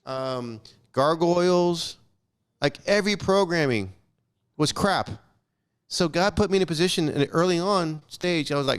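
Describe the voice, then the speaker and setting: A man's voice: a little high, moderate pace, smooth. A young adult man in casual chat on a podcast, telling stories bluntly with swearing and acting out the dialogue. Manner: blunt, profane, animated storyteller acting out dialogue. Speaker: podcast guest.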